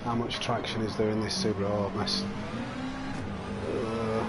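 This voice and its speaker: A man's voice: lowish voice, unhurried. A man streaming a racing game live, chatting and muttering reactions to his own driving. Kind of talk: live gameplay commentary. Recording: steady background noise.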